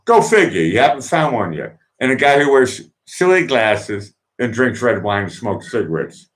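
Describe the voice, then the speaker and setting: A man's voice: mid-range voice, sing-song, moderate pace. A man, hosting a late-night online music request show in a rambling, chatty way with many restarts and asides. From Boston, USA. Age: 50s. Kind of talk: casual late-night livestream chat.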